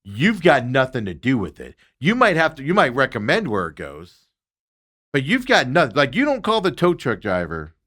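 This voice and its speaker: Host, man, lively pitch, exasperated storyteller, casual chat. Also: moderate pace. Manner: animated storytelling, exasperated rants. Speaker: radio show host.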